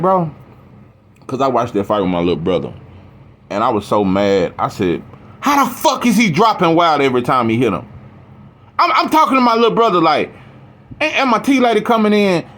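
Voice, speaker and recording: A man's voice: mid-range voice, a bit bright. A man talking boxing in a casual, heated, profane rant, rambling with restarts. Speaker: boxing commentator.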